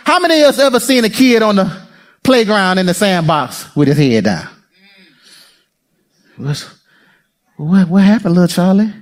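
Man, pastor, playful preaching, swooping pitch. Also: moderate pace, pauses often. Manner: lively, playful preaching with laughter and asides to the congregation. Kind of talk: sermon.

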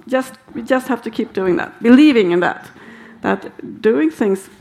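Halting woman with a gravelly voice. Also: fairly high pitch, animated, darkish tone. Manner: halting, many fillers and restarts. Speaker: panel participant. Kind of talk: hesitant conversational remarks.

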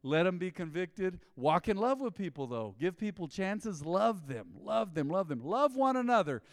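A man's voice: sits high, moderate pace, no room sound, studio quality, long reverb tail. A male pastor, preaching a conversational sermon and acting out the people in his stories. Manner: animated storytelling, mimicking people in quoted asides. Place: church.

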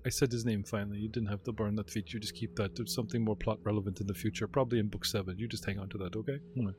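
A man's voice: lowish voice, fairly even intonation, rapid-fire, a little mellow, a little hiss or hum. A man running a tabletop role-playing game as game master, chatting and narrating in a rambling, casual way. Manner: chatty, rambling, laughs often.

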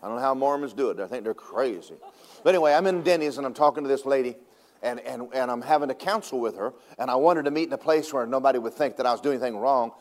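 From the pulpit, a pastor preaches fast and animatedly, moving from booming declarations to hushed, confiding asides. He tells humorous stories and chuckles at his own jokes, his voice rising and falling as he goes.

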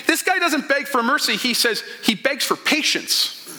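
A man's voice: very high voice, expressive, normal speed, bright, forceful tone. A man preaching a sermon as a pastor, retelling a parable and acting out the characters' lines. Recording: long hall reverb.

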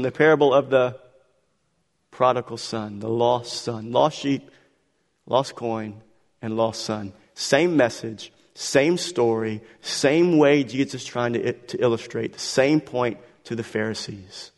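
A man preaching a sermon, building to loud, emphatic peaks and repeating words as he presses a point. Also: mid-range voice, slow pace. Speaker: pastor. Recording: long hall reverb.

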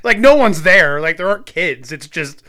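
Bright, lively man riffing on a podcast. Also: fairly high pitch, moderate pace. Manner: laughs often, jokey riffing. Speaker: podcast co-host. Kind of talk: casual chat.

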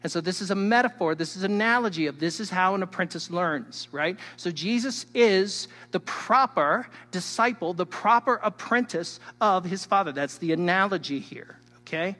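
A man preaching a sermon as a pastor, emphatic and teacherly, swinging between loud stresses and hushed asides while he speaks straight to his listeners. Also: sits high, expressive, moderate pace, few pauses. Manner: teacherly, addresses the listeners directly. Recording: long hall reverb.

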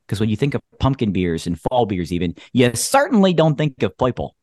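A man's voice: on the low side, huge pitch swings, a little fast, few pauses, darkish tone, no echo, clean studio sound. A man co-hosting a casual podcast, joking and making puns while describing a beer. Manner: playful, punny, laughs often. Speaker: podcast co-host. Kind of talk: casual chat.

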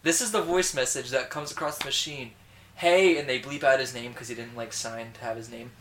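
A man's voice: mid-range voice, fast talker, noisy background. A man co-hosting a casual podcast, animatedly retelling a reality show with lots of swearing. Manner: ranting, profane, animated storytelling. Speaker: podcast co-host. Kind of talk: casual chat.

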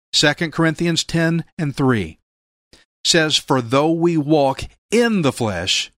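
A man's voice: medium pitch, dry recording. Earnest preaching man, dry studio sound. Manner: earnest, emphatic preaching with slow scripture reading. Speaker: pastor. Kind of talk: radio sermon.

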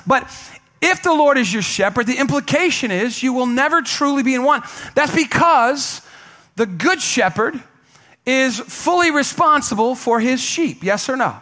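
A pastor preaching a sermon in a church, emphatic and asking the congregation to answer back. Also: male voice, very high-pitched, animated, normal speed, bright, forceful tone. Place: church sanctuary.

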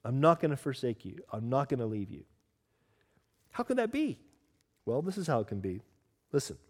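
A man preaching a sermon as pastor, earnest and teaching, asking the congregation questions and slowing down to stress scripture. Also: medium pitch, wildly swooping pitch, darkish tone. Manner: stresses key words, slows down for scripture.

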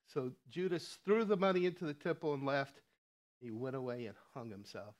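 A man's voice: mid-range voice, moderate pace. A man preaching a sermon in a conversational way, with frequent chuckles and asides. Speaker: lay preacher.

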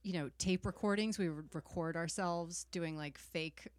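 A woman actor speaks as a podcast guest, gushing and bubbly, with lots of "like" and "you know." Her voice sits a little low for a woman, and the recording is dry and close. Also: moderate pace, no echo. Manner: bubbly, gushing, filler-heavy. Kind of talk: casual chat.

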